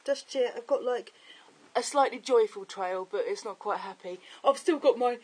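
Young guy vlogging, husky voice, rambles on all excited, chatty diary feel. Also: extremely high pitch, fast talker, low-quality recording. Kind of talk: casual video diary.

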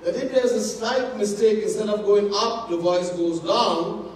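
A man with a Trinidadian accent gives a sermon as a swami. He teaches slowly and with emphasis, repeats key words and drops in Hindi and Sanskrit terms. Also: sits high, a little mellow, a little hiss or hum. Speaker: swami giving a Gita discourse. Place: large temple hall. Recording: distant mic in an echoey hall.

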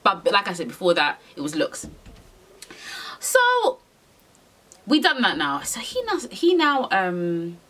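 Young woman, confessional vlogger; bright, animated delivery, rambling and unfiltered. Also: mid-range voice, slow, long pauses. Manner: frank, rambling, swears freely, heavy slang. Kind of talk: storytime confession to camera.

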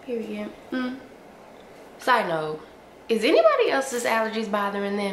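In a casual haul review to camera, a woman who vlogs about beauty and fashion gushes playfully in a rather high, very animated voice, tossing in slangy asides and drawn-out hums. She sounds a bit sniffly from allergies, and the room adds echo with faint ambient noise.

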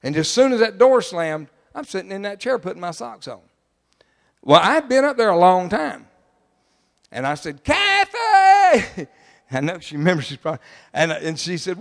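A middle-aged pastor with a notably high voice for a man, preaching in an emphatic, folksy style. His sermon rings out with a long echo from a church hall. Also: lively intonation, normal speed, creaky. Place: church sanctuary.

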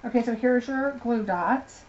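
Woman, chatty craft unboxing, excited and gushing, unhurried, slightly muffled lo-fi sound. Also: a little high. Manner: gushing, chatty, talks to viewers by name. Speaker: craft demonstrator. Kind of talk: live unboxing chat. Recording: slightly dull lo-fi sound, faint noise.

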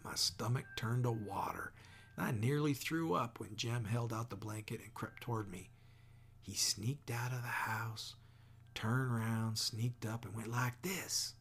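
A man reading a novel aloud in a steady, measured narration. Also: medium pitch, creaky, a little hiss or hum. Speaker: audiobook reader. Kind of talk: scripted narration.

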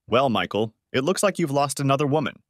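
A man's voice: mid-range voice, animated, brisk, dry recording, clean studio sound, voice pushed up, close to an everyday voice. A man voicing a smug, cocky big man who talks boastfully and dismissively.

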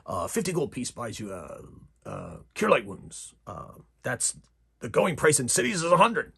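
A man's voice: medium pitch, very animated, moderate pace, gravelly, fairly bright tone, breathy edge, heavily acted. A man voicing a friendly, rambling male half-orc potion merchant in a tabletop game. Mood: salesy. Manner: eager, rambling salesman.

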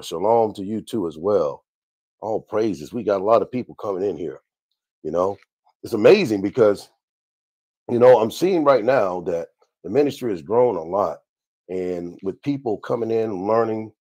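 A man's voice: fairly low pitch, expressive, normal speed, warm tone, breathy edge, dry recording. A man hosting a livestream Bible teaching, greeting viewers one by one by name and often repeating his phrases. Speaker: minister and livestream host.

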